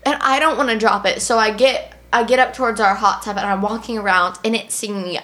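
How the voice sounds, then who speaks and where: A woman's voice: on the high side, fairly even intonation, fast talker, few pauses, pushed and bright. Young woman telling a story animatedly. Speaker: guest. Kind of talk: casual storytelling.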